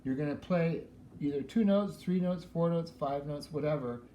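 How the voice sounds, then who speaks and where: A man teaching piano, explaining practice methods for scales in a relaxed way while he demonstrates. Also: on the high side, moderate pace, slight background noise. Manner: relaxed, explains while playing and counting aloud. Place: room with a piano. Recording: echoey room with piano playing.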